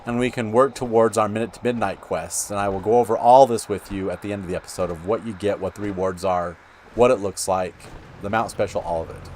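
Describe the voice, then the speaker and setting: A man's voice: on the low side, fairly quick, darkish tone, a little hiss or hum. A man hosting a gaming channel, talking through gameplay in a rambling, chatty way. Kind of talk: casual gameplay commentary.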